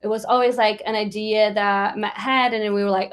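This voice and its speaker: A woman's voice: mid-range voice, steady tone, a little fast, clean tone. A woman from Brazil with a Brazilian accent, a musician chatting casually as an interview guest, rambling with lots of fillers.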